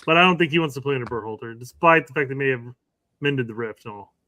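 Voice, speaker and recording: A man's voice: mid-range voice, fast talker, sharp tone, no echo. A man co-hosting a soccer podcast, giving frank, opinionated takes. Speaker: podcast co-host. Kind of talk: casual soccer talk.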